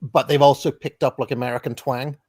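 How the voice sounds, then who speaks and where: Welsh host, mid-pitched, relaxed storyteller, dry sound. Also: male voice, brisk, no room sound. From Wales. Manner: chatty, giggly, storytelling. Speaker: podcast host. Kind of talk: casual chat. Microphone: remote video call.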